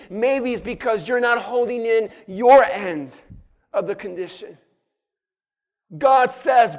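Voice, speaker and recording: A man with a very high voice preaches a rousing sermon from the pulpit. He stirs up his congregation and keeps asking them to answer him back. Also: measured pace. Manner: rousing, calls on the congregation to respond. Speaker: pastor.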